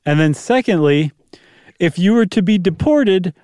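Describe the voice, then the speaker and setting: A man's voice: sits high, expressive, a little slow, darkish tone, no echo, clean studio sound. A man co-hosting a podcast, telling the story in a casual, chatty way and hedging his facts with asides. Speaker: podcast co-host.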